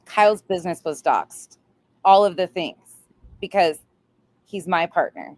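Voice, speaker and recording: A woman's voice: on the low side, lively intonation, measured pace, a little mellow, no echo. A woman hosting a livestream chat, blunt, profane and fired up. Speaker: livestream host. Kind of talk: casual chat.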